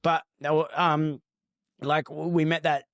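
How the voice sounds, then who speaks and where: A man's voice: a little high, little pitch movement, slow pace, fairly bright tone, no echo, studio quality. A man with an Australian accent co-hosting a podcast, telling stories loosely and swearing freely. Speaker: podcast co-host. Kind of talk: casual podcast chat.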